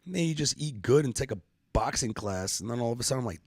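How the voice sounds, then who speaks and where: A man's voice: medium pitch, animated, quick pace, darkish tone, husky, no room sound, clean studio sound. A middle-aged man hosting a casual live-stream podcast, joking around in loose, profane banter. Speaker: podcast host.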